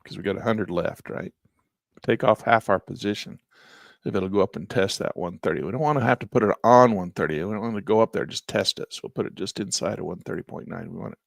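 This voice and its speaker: A man's voice: lowish voice, fast, vocal fry, dry recording, studio quality. A man casually talking viewers through a live trading lesson, thinking aloud as he clicks through charts and chatting to his viewers. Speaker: trading instructor.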